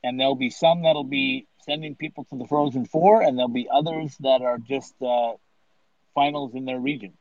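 A man's voice: mid-range voice, fairly even intonation, normal speed, a little mellow, no room sound, highs cut off. A man co-hosting a casual sports chat show, laughing often and chanting animatedly. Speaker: co-host.

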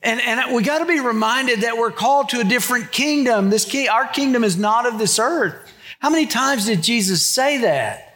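A man's voice: very high-pitched, expressive, moderate pace, fairly bright tone. A middle-aged man, a pastor preaching a sermon in a conversational way and acting out the quotes.

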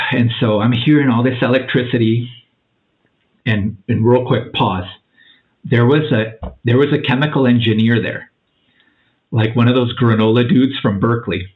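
A podcast guest in his forties tells stories casually in a mid-range voice at normal speed, heard through tinny, phone-quality audio. Chatty and animated, he acts out every quote and keeps dropping "man" and "dude."

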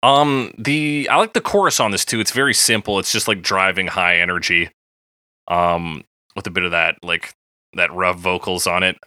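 A man's voice: deep voice, normal speed, no echo, clean studio sound. A man co-hosting a music review podcast, chatting casually with lots of fillers. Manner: relaxed, chatty, many fillers. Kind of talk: casual chat.

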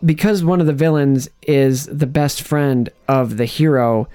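A podcast host with a fairly high, unhurried, dark-toned voice chats casually while ranking movie villains. He rambles, restarts his sentences, and laughs often.

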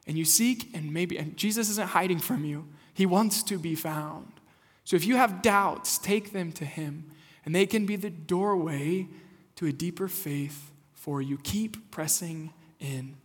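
Unhurried and on the high side, a young adult pastor's voice fills a church sanctuary, recorded with long hall reverb. He moves from conversational storytelling to earnest exhortation in his sermon.

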